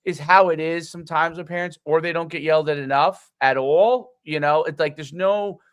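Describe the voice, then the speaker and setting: A man co-hosting a podcast, speaking haltingly and searching for words with many restarts. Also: a little high, fairly even intonation, clean tone, dry recording. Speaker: podcast co-host. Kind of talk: casual podcast conversation.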